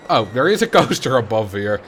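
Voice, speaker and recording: A man's voice: medium pitch, very animated, a little fast, a bit bright, a little hiss or hum. A man with a Dutch accent, chatting casually on a livestream while he builds in a game and answers viewers. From Netherlands. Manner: chatty, answers chat questions while playing. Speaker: streamer.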